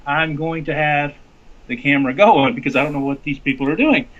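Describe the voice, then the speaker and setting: Guy running for congress, kinda high voice, storytelling with lots of restarts, dull lo-fi sound. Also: a little fast. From Arkansas. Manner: animated storytelling with many restarts. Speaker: congressional candidate. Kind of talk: casual interview talk. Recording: lo-fi dull audio.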